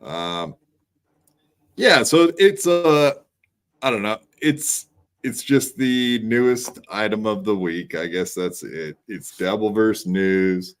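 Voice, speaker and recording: A man's voice: lowish voice, animated, slow, clear, resonant tone. A man hosting a podcast, chatting bluntly and profanely in casual commentary. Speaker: podcast host.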